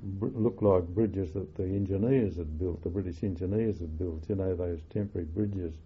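An older man recalling wartime memories in an oral history interview, halting with many fillers and self-corrections. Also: sits low, slightly rough. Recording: muffled phone-like lo-fi audio.

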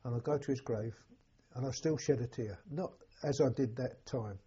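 An elderly man recalling his war years, halting and repeating words as emotion rises. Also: medium pitch, mellow, husky. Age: older. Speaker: war veteran interviewee. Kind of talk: personal recollection. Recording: dull lo-fi recording.

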